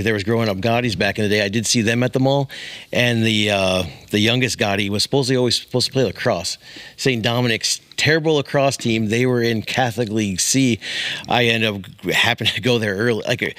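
A man's voice: on the low side, fairly bright tone. A man co-hosting a podcast, telling long rambling stories in casual chat and chuckling often. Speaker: podcast co-host.

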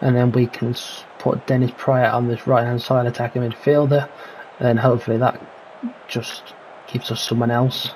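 A man's voice: medium pitch, level tone, moderate pace, darkish tone, a little hiss or hum, poor audio. A man giving casual let's-play commentary on a football management game, calling out players and thinking aloud about tactics. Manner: calls player names, mutters his own worries. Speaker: gaming commentator.

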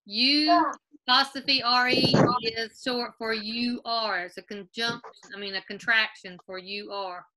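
A woman's voice: on the high side, fairly even intonation, measured pace, pushed and bright. A woman teacher on a video call, reviewing a grammar quiz with her class and patiently spelling out answers. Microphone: laptop video call.

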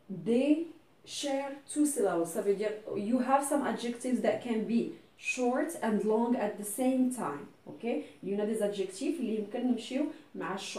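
A woman teaching an English grammar lesson, explaining patiently step by step, checking often that her students follow, and slipping into French and Arabic to make a point clear. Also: a little high, a little mellow. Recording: echoey room, voice from a distance.

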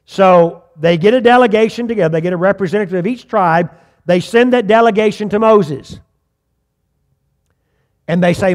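A man preaching a sermon as pastor, telling a story dramatically with sudden shifts between loud bursts and quiet asides, and asking the congregation questions. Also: fairly high pitch, brisk. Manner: repeats words when starting sentences; addresses the congregation directly with questions.

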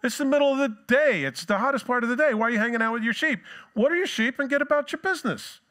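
A man voicing an eager, pushy young Jacob, exclaiming with excitement in a sermon retelling. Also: very high-pitched, fast talker, voice pushed up. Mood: bossy.

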